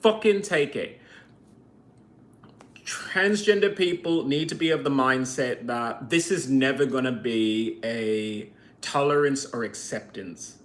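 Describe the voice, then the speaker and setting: A man's voice: medium pitch, a little slow, fairly bright tone. A man vlogging a heated, profane rant to camera, full of sarcastic rhetorical questions. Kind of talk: ranting monologue to camera.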